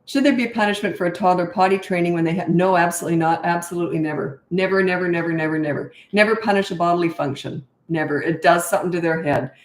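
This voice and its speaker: A woman's voice: fairly low pitch, fast, hardly any pauses, echoey room. A middle-aged woman parenting coach answering viewer questions on a live stream, blunt and emphatic, often repeating words for stress.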